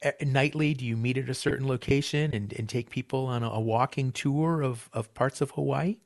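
Brief: male radio host, mid pitch, questions that stop and restart. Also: fairly quick, creaky. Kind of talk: radio interview.

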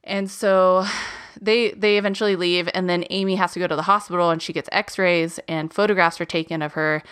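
A woman's voice: lowish voice, fairly even intonation, brisk, a bit bright, clean tone. A woman hosting a podcast, casually recounting a true crime case with lots of "um" and "like". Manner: chatty, many fillers like "um" and "like". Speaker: podcast host.

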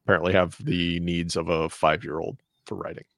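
Deep gravelly man with dry quips. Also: level tone, a little fast, dry recording. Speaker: podcast co-host. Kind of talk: casual chat.

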